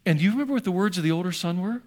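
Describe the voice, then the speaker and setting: An older man who is a pastor, preaching a sermon in an earnest storytelling manner that shifts between hushed and emphatic. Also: high voice, lively intonation, very fast.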